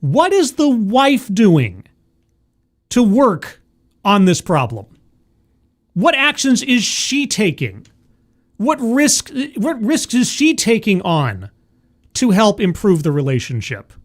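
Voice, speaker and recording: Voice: mid-range voice, slow pace, pauses often. Sarcastic streamer ranting at a clip, voice swoops up and down a lot. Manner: sarcastic, exasperated, animated. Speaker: streamer reacting to a video. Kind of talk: live stream commentary.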